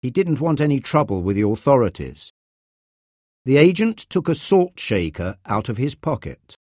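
A man reading a story aloud in a clear, expressive audiobook style. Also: mid-range voice, normal speed, no room sound, studio quality. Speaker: narrator.

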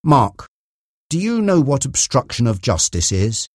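A man's voice: medium pitch, big pitch swings, moderate pace, dry recording, clean studio sound. A man doing a stern, pushy FBI agent. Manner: severe, pressing.

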